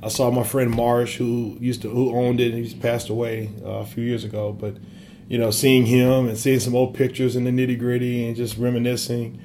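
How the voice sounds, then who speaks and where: A man's voice: mid-range voice, little pitch movement, moderate pace, mellow, a little hiss or hum. A man in his thirties from Wisconsin, an assistant basketball coach, answering interview questions earnestly with many fillers. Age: 30s.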